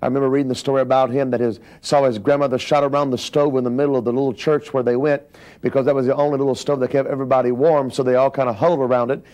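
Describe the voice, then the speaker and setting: A man recounts a minister's life story in a steady, mid-pitched voice. He explains things plainly and now and then adds his own asides. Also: racing. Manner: plain explanatory delivery with occasional personal asides. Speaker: speaker recounting a minister's biography. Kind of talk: biographical teaching talk.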